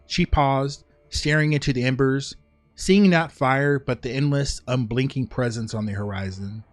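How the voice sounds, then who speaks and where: A man's voice: mid-range voice, moderate pace, no room sound, soft background music. Solemn male story narrator.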